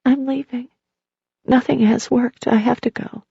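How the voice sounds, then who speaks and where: A woman reading the lines of Teddy, a sad, withdrawn partner, in a quiet, subdued way. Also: medium pitch, fairly quick, creaky, slightly rough, dry recording, lo-fi sound.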